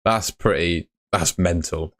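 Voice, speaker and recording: A man's voice: deep voice, takes it slowly, a bit bright. A young man hosting a live fantasy football stream, chatting casually and answering comments. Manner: casual, chatty, uses mate and fillers.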